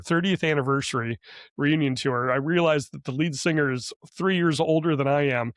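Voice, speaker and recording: Middle-aged male podcast co-host, chatty and rambling, quick to laugh, slightly raised pitch, dry recording. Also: a bit bright, no room sound. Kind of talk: casual podcast chat.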